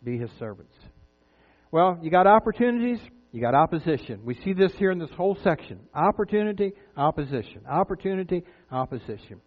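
A man's voice: high-pitched, lively intonation, brisk. A preacher, a man in his fifties or older, giving an earnest, conversational sermon full of rhetorical questions. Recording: tinny phone-like sound with mains hum.

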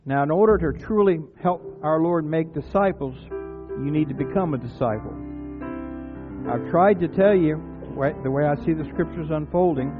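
A man's voice: fairly high pitch, moderate pace. Tinny-sounding preaching man, earnest. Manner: earnest, repetitive exhortations with rhetorical questions. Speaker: pastor. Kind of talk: sermon. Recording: tinny phone-like sound with faint music.

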